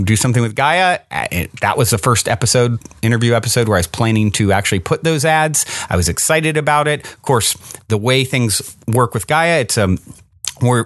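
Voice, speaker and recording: A man's voice: medium pitch, a bit bright, no echo, clean studio sound. Chatty upbeat male podcast host. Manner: chatty and upbeat, many fillers and restarts. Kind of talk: casual personal storytelling.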